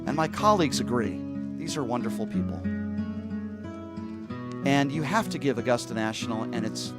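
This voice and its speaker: A man doing a hushed stiff golf announcer. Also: medium pitch, lively intonation, loud music behind the voice, close to an everyday voice. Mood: mock reverent. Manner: slow, soft, reverent announcer delivery. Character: stiff, hushed male golf broadcaster impression.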